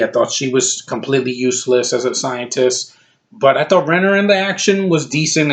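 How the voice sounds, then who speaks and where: A man ranting casually about a film he dislikes, blunt and exasperated, rambling with frequent restarts. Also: medium pitch. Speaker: movie reviewer.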